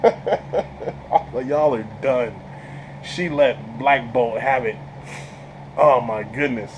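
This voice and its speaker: A man giving a casual movie review, an excitable storyteller who stumbles over repeated words, laughs often and talks in slang. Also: medium pitch, slow, a little hiss or hum, poor audio. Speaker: channel host reviewing a film.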